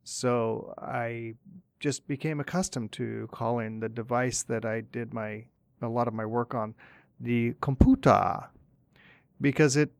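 A man's voice: mid-range voice, dry recording. A man co-hosting a casual podcast, talking hesitantly with frequent restarts and agreeable responses. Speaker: podcast co-host.

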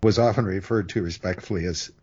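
Husky deep-voiced older man. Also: darkish tone. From United States. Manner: measured, dry wit, explanatory. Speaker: language expert, co-host. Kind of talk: casual podcast chat. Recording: dull lo-fi sound.

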